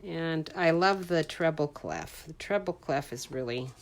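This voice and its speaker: In a deep, animated voice at a measured pace, a middle-aged crafter talks herself through making a greeting card in a rambling, casual demo chat. Background noise includes paper crinkling and stamp clicks.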